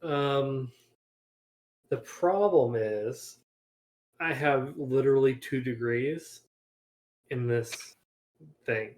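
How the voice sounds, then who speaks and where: A man's voice: medium pitch, extremely slow, pauses often, a little mellow. A man, a game developer, talking casually in a group voice chat, rambling with many restarts while he has the hiccups.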